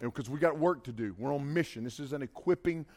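A middle-aged man, preaching an animated sermon to a conference crowd, mixing casual asides with shouted dramatic lines. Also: fairly high pitch, fast.

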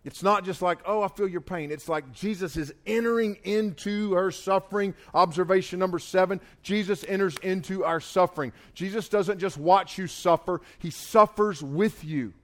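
A man with a Southern US accent preaching a conversational sermon, informal and talky, slowing down and pressing hard on key phrases. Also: high-pitched. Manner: informal and talky, full of "like" and restarts; stresses key phrases slowly and loudly.

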